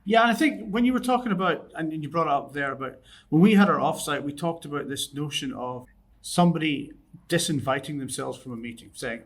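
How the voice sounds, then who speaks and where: A man's voice: on the high side, lively intonation, fairly quick. A man hosting a business podcast, recalling discussions and asking the guest questions. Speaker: podcast host. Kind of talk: podcast conversation.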